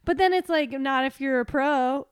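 A woman's voice: sits high, moderate pace. A woman in casual podcast chat, speaking candidly and with emphasis. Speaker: podcast co-host.

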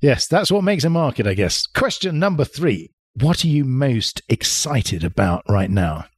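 A man hosting an interview podcast, quizzing his guest playfully with quick questions and small laughs. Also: mid-range voice, big pitch swings, breathy edge, no room sound, studio quality. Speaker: podcast host.

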